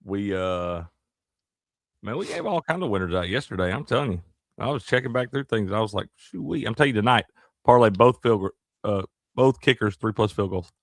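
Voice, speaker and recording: Male co-host, lowish voice, dry close sound, relaxed slangy sports banter. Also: fairly quick, no room sound. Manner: easygoing, drawling banter with slang. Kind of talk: casual live-stream chat.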